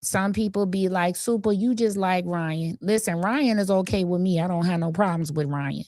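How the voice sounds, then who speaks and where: A woman hosts a livestream, giving blunt, casual, opinionated commentary on a city council meeting in a conversational way. Her voice is fairly low with a darkish tone at normal speed, recorded at studio quality with no room sound.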